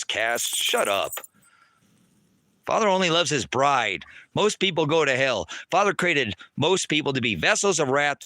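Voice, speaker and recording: A man on a livestream, ranting angrily at his chat, swearing and preaching, loud one moment and lecturing low the next. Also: dry recording. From United States. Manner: angry, profane and preachy, swings between shouting and low lecturing. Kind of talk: heated livestream rant to chat.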